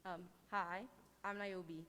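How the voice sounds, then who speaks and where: A teenage girl, a high school lacrosse player giving an earnest, halting, emotional statement at a press conference. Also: level tone, bright, forceful tone, slight background noise. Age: teens. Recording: long reverb in a large room.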